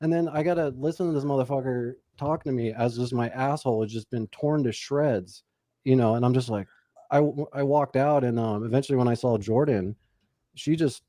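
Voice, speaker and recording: Profane, animated man in his forties. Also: medium pitch, brisk, dry recording, studio quality. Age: 40s. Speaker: podcast co-host. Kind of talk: casual podcast chat.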